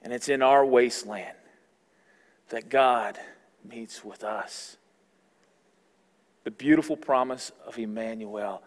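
A male pastor giving an earnest sermon, building up loud and then dropping almost to a whisper. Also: mid-range voice, slow pace, pauses often. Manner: earnest preaching, swells loud then drops to near-whisper. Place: church sanctuary. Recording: long hall reverb.

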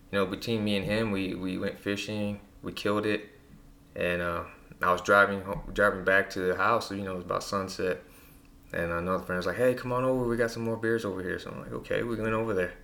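A man with a low, gravelly voice that still has a bright edge tells personal stories in an easygoing, casual way. He keeps the talk loose and conversational, full of fillers and small restarts. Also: fairly quick. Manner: relaxed storytelling with many fillers. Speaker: guest.

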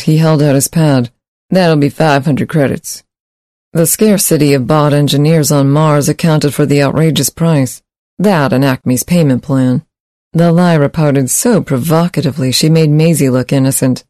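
Man narrating a story in a mellow voice. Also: a little high, dry recording, studio quality. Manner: measured, steady storytelling. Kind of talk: scripted narration.

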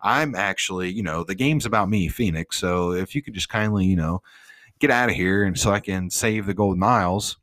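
A man's voice: sits low, fairly quick, fairly bright tone, no room sound. A man mimicking a smug, boastful game-hero's brother. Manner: cocky, dismissive.

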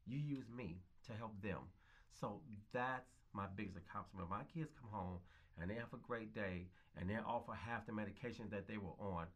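A man's voice: on the low side, normal speed, fairly bright tone. A man in his fifties, a foster parent interviewed about his life, speaking in an earnest, reflective way and repeating phrases for emphasis. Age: 50s. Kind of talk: casual interview talk.

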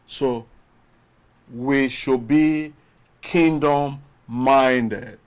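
A man preaches a sermon in a slow, deliberate way, stretching his words and pausing often. His voice sits high for a man, and he repeats phrases as he builds toward rising calls. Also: animated. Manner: emphatic preaching with long pauses and rising calls. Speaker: pastor.

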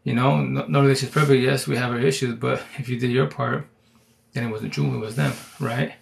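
A man's voice: medium pitch, fairly even intonation, fairly quick, creaky. A man hosting a live stream, giving rambling, slang-heavy advice in casual chat.

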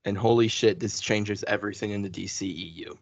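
A man co-hosting a podcast, chatting casually and excitedly through a spoiler review, full of fillers and restarts. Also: fairly low pitch, brisk, vocal fry, dry recording. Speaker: podcast co-host. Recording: dull lo-fi sound.

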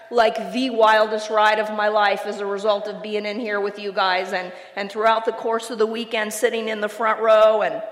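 A woman's voice: mid-range voice, fairly bright tone. A woman speaking earnestly to a conference crowd, filling her talk with "like" and "you guys.". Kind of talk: heartfelt recovery share. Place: large conference hall. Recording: echoey hall.

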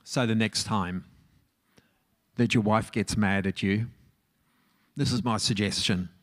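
A man's voice: on the low side, steady tone, takes it slowly, a bit bright. A middle-aged man talks to an audience as a marriage counsellor. His delivery is conversational and easygoing, and he often turns to them with questions. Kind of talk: relaxed talk to a live audience.

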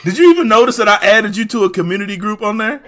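A man hosting a podcast, bantering loudly with profane jokes. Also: high voice, animated, rapid-fire. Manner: loud, joking, profane banter. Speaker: podcast host. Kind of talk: casual chat.

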